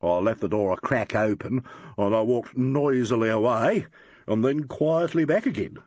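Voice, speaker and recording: A man's voice: medium pitch, animated, moderate pace, darkish tone, no room sound, highs cut off, close to an everyday voice. A man doing a gushing young Kiwi sergeant. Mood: gossipy. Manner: chatty, gushing, slangy storyteller. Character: eager young New Zealand police sergeant, male.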